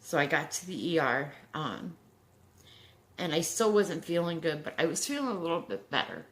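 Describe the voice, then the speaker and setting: A woman in her forties telling her own story in a halting, emotional way, with many fillers and restarts. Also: low voice, slight background noise. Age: 40s. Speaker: heart attack survivor telling her story. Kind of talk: personal storytelling to camera.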